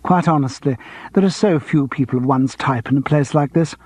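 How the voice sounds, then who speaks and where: A man's voice: mid-range voice, a little mellow, close to an everyday voice. A man voicing a dramatic, gushing actress who coos and drags out her words. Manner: cooing, drawn-out, calls everyone darling.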